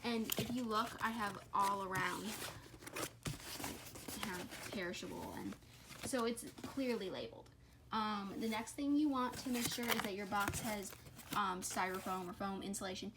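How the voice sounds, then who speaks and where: A woman's voice: mid-range voice, moderate pace, heavy background noise. A woman giving a casual how-to at home, rambling with frequent "um"s and self-corrections, filming on a phone camera. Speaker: reptile keeper vlogger. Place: her home, indoors.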